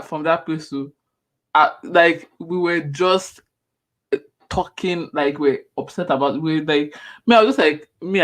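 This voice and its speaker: Rambling man, higher voice. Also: a bit bright. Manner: rambling, restarts often. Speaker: podcast co-host. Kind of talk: casual chat.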